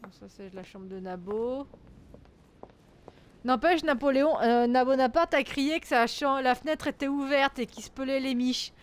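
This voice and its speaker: High-voiced, jokey woman streamer. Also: normal speed, a little hiss or hum. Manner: jokey, swearing, thinking aloud. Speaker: let's-play streamer. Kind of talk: casual game commentary.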